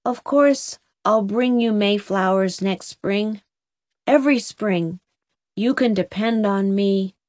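A woman voicing a sweet, drowsy little boy in a storybook reading, with a slow, childlike way of talking. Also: medium pitch, a little mellow, no echo, lightly acted. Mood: sleepy.

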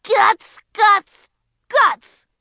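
A woman voicing a stubborn, hurt little girl who shouts and whines in a storybook reading. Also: very high voice, drawn-out words, gravelly, no room sound, studio quality, voice pushed up, full character voice. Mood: yelling. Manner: shouting, whiny and tearful. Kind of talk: audiobook character voice.

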